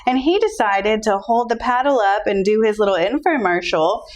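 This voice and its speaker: A woman who is a guest on a podcast, telling a story in an easygoing, relaxed way. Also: medium pitch, normal speed. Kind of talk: casual podcast chat.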